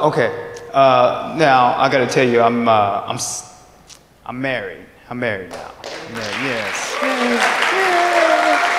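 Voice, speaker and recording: A male stand-up comedian from Texas, performing an animated routine and laughing at his own jokes on a comedy club stage. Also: mid-range voice, a little hiss or hum. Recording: echoey club hall with crowd. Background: audience laughter.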